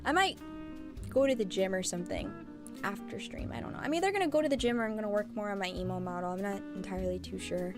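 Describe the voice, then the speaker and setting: A woman streamer chatting casually with her viewers, animated and blunt, laughing often. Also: medium pitch, fast talker, music in the background.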